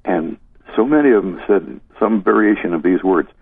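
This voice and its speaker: A man's voice: low voice, expressive, normal speed, gravelly, slightly rough, dry recording. An older man, a former disc jockey, telling stories in an interview, rambling and chuckling as he goes. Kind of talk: reminiscing interview. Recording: dry tinny phone line.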